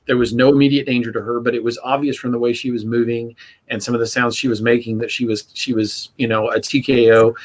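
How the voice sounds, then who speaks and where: A man with a medium-pitched, slightly bright voice hosts a casual podcast on church safety. He tells a story earnestly and acts out what people said.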